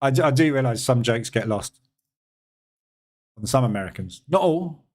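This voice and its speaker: A man's voice: medium pitch, lively intonation, moderate pace, a little mellow. Give me a sarcastic British man casually hosting a live stream and replying to viewers. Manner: sarcastic, chatty, reads and answers viewer comments. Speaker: trading room host.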